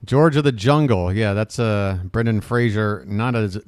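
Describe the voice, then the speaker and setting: A man hosting a live stream in casual chat, ranting with sarcasm and animated outbursts while reading chat names. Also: on the low side, moderate pace, smooth, dry recording, studio quality.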